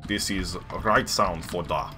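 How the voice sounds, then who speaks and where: A deep, jokey mock-Russian voice, put on by a man speaks in exaggerated broken English. It is a light, teasing impression rather than a full character. Music plays clearly in the background. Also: slow pace. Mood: mock-boastful. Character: mock Russian male viewer, boastful.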